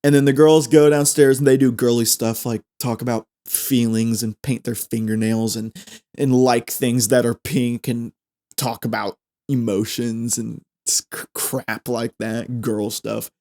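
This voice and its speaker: A man's voice: mid-range voice, flat delivery, unhurried, a little mellow. A male podcast host spins a comic tale in an ordinary mid-range voice. He rambles, stumbles over words and restarts them, and throws in jokey asides. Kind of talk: comedic storytelling.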